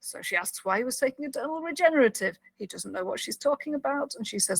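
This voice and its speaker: A woman co-hosting a podcast, narrating a TV scene step by step with excited commentary. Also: on the high side, fast talker, vocal fry, few pauses, husky, no echo, low-quality recording. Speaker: podcast co-host. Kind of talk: episode recap storytelling.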